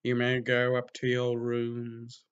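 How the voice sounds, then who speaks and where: A man's voice: medium pitch, completely flat delivery, clean tone, highs cut off, close to an everyday voice. A man voicing a stern, haughty male wizard professor who drags out every word. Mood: cold. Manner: slow, drawn-out, haughty.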